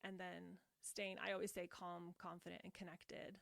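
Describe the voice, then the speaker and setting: A woman's voice: on the low side, flat delivery, moderate pace, vocal fry, fairly bright tone, dry recording. A woman talking expressively and emphatically on a parenting podcast, laughing easily.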